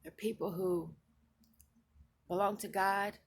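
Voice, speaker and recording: A woman with a noticeably gravelly, fry-laden voice tells the story of a dream and what she believes it means. She speaks earnestly and emphatically, circling back over her words and restarting phrases. A faint hiss of noise sits under her voice. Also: medium pitch, fairly even intonation, takes it slowly. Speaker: Christian video blogger. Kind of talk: recounting a dream and its spiritual meaning.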